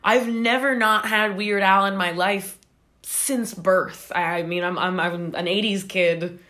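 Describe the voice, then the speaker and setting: A woman in her forties joins a podcast as a guest. She talks eagerly at a middle pitch, often stammering and repeating words as she rushes ahead. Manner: animated, stammering repeats, enthusiastic. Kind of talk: casual conversation.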